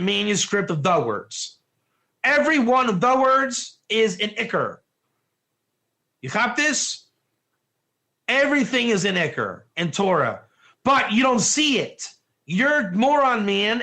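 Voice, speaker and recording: Running an online Torah class, this emphatic man speaks in a high, bright, gravelly voice and keeps firing questions at his listeners. His manner is that of a teacher driving a point home before a live crowd.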